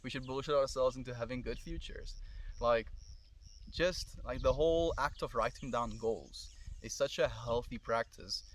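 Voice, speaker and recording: A man's voice: mid-range voice, normal speed. Musing South African man outdoors. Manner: musing, loose and thoughtful, drifting between ideas. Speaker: streamer. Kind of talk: casual reflective livestream monologue. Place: outdoors in the country. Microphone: camera mic.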